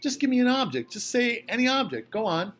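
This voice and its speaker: A man's voice: on the high side, normal speed, slight background noise, close to an everyday voice. A man doing an eager, lonely old man. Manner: eager, childlike, excitable. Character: cheerful lonely old male retired electrician.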